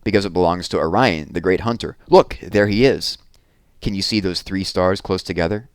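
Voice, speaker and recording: A kindly stargazing man from a storybook, as a man reads him, patient and gently amused. The voice is low and dry, recorded close. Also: normal speed, clear, resonant tone, no echo, close to an everyday voice. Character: kindly grown man with a telescope.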